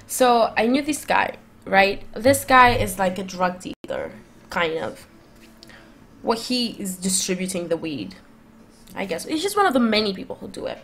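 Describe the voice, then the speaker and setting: A woman's voice: medium pitch, big pitch swings, normal speed, a bit bright, slight background noise. A woman streamer casually telling a long personal story to her live chat, rambling and restarting often with lots of "like".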